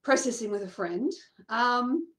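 The woman's voice leans high and her pace is a little slow. She is a coach telling an audience about her own experience in an animated way, imitating quoted speakers and often laughing.

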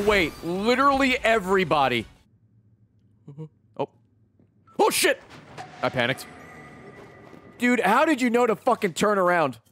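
A man in his thirties commentating live on his gameplay, swearing and reacting loudly and excitably. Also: fairly high pitch. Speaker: streamer playing a video game.

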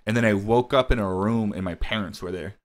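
A young man hosting a podcast, telling a story in a rambling, animated way, swearing freely and saying "like" and "dude" constantly. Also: fairly low pitch, brisk. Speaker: podcast host. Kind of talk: casual storytelling chat.

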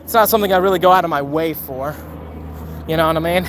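A man's voice: fairly high pitch, quick pace, noisy background. A man live-streaming a mobile game outdoors, chatting casually with viewers, joking and thanking donors.

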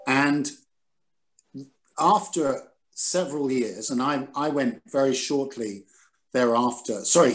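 A man in his sixties, a former editor, telling stories over a video call with animated, self-deprecating energy. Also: mid-range voice, slow. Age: 60s. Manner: animated, self-deprecating, quotes others dramatically. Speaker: guest, former newspaper editor. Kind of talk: recalled anecdotes in a Zoom conversation.

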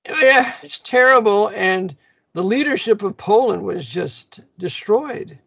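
A man's voice: high voice, lively intonation, measured pace, vocal fry, sharp tone, husky, no echo. A man speaking as a guest in a casual chat, emphatic, cutting in with corrections and asides. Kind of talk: casual conversation.

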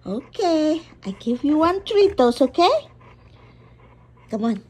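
Woman, dog owner, casual playful chat, high voice, slow unhurried delivery. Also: creaky, dark tone, breathy edge. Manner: playful, coaxing, laughs often.

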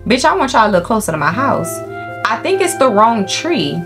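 A woman's voice: fairly high pitch, big pitch swings, a little fast. A young woman giving casual, profane let's-play commentary, talking to the game animals and her viewers. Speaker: gaming YouTuber. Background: faint game music.

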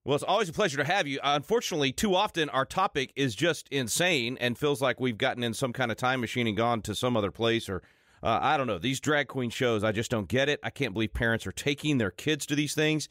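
A man's voice: medium pitch, quick pace, no echo, clean studio sound. Conversational man hosting talk radio. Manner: conversational, relaxed, with fillers. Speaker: radio show host.

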